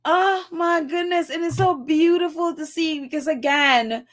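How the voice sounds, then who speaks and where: On a live stream from New York, a woman reads her chat aloud, gushing and laughing as tears threaten. She speaks a little slowly in a very high-pitched voice.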